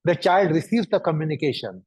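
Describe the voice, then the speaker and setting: A man giving a lecture, speaking deliberately and piling up synonyms for emphasis. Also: on the high side, sing-song, a little mellow, breathy edge, no echo. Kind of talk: lecture to an audience. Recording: dull, dry recording.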